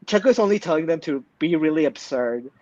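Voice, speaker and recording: A man's voice: a little high, expressive, quick pace, warm tone, no echo, muffled recording. A man co-hosting a casual recap podcast, blunt and emphatic, swearing freely. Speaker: podcast co-host.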